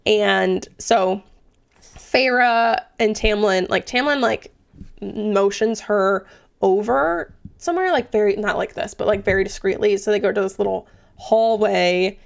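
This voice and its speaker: A woman's voice: medium pitch, unhurried, gravelly. A young woman recapping a book in a chatty, casual way, swearing freely and dropping into whispered asides. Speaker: book reviewer.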